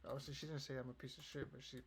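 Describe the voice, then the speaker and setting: Very fast and creaky, his medium-pitched voice stays flat as he rambles and curses on his casual podcast. The young man says "you know" almost constantly, with keyboard clicking and noise behind him.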